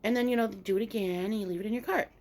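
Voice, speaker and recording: A woman vlogger telling a story in casual mukbang chat, animated and swearing freely. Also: medium pitch, racing.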